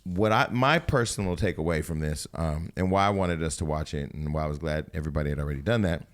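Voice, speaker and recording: A man's voice: very deep voice, fast talker. A man hosting a casual talk show, telling a long personal story with lots of swearing and acted-out quotes. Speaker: host.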